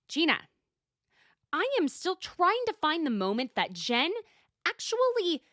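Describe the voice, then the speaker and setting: A woman's voice: high voice, huge pitch swings, a little slow, a bit bright, dry recording, studio quality. A woman hosting a solo podcast, recapping in a blunt, profane, exasperated casual chat. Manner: blunt, profane and exasperated, talking straight to the people she discusses. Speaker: podcast host.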